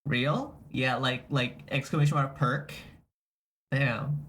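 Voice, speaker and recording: A man's voice: medium pitch, steady tone, takes it slowly, fairly bright tone. A young man streaming, chatting casually, reacting to chat and repeating and restarting his phrases as he goes. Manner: reacts to chat messages aloud.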